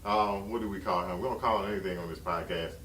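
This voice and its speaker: A man's voice: low voice, fairly even intonation, fast, pushed and bright, slight background noise. A man hosting a podcast who talks in a blunt, profane, joking way in casual chat. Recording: roomy, distant mic with faint ambience.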